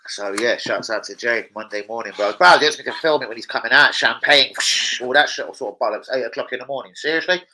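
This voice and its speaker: Young guy on his stream, bright sharp voice, swears a lot, banter with chat. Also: medium pitch, fast talker, a little hiss or hum, low-quality recording. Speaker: livestreamer. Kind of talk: casual live-stream chat.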